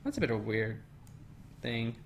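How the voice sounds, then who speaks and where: A young man talks loosely through a livestream at his desk mic, drifting between thoughts and reading chat aloud. His speech is relaxed and rambling, full of ums and half-finished sentences. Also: mid-range voice, moderate pace, a little hiss or hum.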